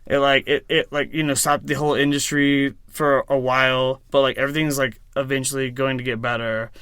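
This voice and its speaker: A man's voice: medium pitch, flat delivery, a little fast, fairly bright tone, clear, resonant tone, dry recording, clean studio sound. A man who works as a DJ, talking as a podcast guest in a rambling, profane way with lots of fillers. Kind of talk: casual chat.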